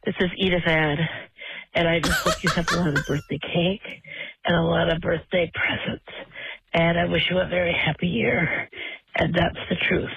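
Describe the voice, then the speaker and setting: A woman doing a gravelly, precocious little girl. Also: fairly low pitch, flat delivery, normal speed, a bit bright, exaggerated voice, poor audio. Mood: earnest. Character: impression of a famous precocious little girl character. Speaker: caller.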